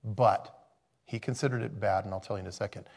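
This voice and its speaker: A man's voice: lowish voice, steady tone, a little fast, gravelly, darkish tone. A man preaching a sermon in a conversational way, thinking aloud and interrupting himself. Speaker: pastor.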